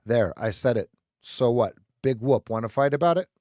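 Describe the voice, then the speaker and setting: A man talking over a live trading session at a middle pitch, close to a dry, dead-sounding mic. He is animated and playful, teasing his chat and repeating words as he goes. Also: moderate pace, dry recording. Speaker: trading stream host. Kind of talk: live stream commentary.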